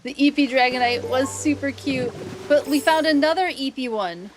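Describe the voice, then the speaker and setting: A woman streaming a video game, chatting casually and reacting with excited gasps and squeals. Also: sits high, normal speed, background noise. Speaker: streamer and biologist. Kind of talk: casual let's-play commentary.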